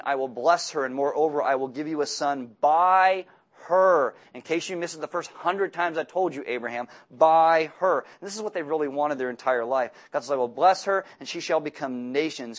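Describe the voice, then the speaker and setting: A man preaching a sermon as pastor, reading scripture and acting out the voices of its figures with lively, joking asides. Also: fairly high pitch. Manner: animated, acts out voices of biblical figures.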